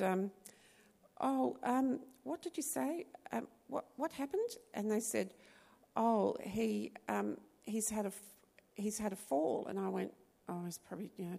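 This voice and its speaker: An Australian woman telling a personal testimony in a halting way, full of restarts and fillers, her voice dropping low at the hardest moments. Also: gravelly, big-room sound. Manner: halting, many restarts and ums, voice drops to a hush at hard moments.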